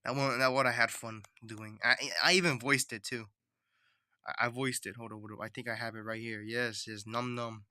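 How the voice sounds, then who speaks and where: A man chats casually on a livestream while he draws. He rambles and talks to himself. His voice sits at an ordinary middle pitch. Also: little pitch movement, moderate pace, sharp tone, clean tone, dry recording, clean studio sound. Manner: rambling, chatty self-talk. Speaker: streamer.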